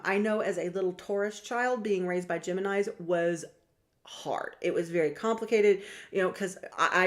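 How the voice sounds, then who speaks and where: A young woman talking casually to her viewers about star signs, chatty and lively, often acting out what other people say. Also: mid-range voice. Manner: chatty, animated, acts out quoted voices. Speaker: astrology vlogger and reader. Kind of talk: casual talk to camera.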